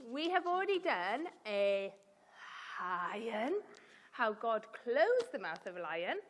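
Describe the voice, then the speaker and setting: A woman's voice: on the high side, big pitch swings, takes it slowly. A woman leading a children's Bible talk in a church, telling the story expressively and asking the children questions. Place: church hall. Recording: long reverb of a church hall.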